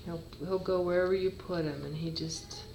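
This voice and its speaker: A woman's voice: on the low side, steady tone, moderate pace, creaky, a little mellow, roomy sound, a little hiss or hum, poor audio. A cat breeder chatting fondly to her kittens in a casual home video, with baby talk in between.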